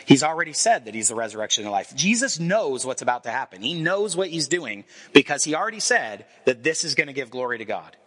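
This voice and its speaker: A man in his forties preaching a sermon, telling the story with lively acted-out quotes. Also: medium pitch, fast, few pauses. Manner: animated storyteller acting out quoted voices. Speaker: pastor.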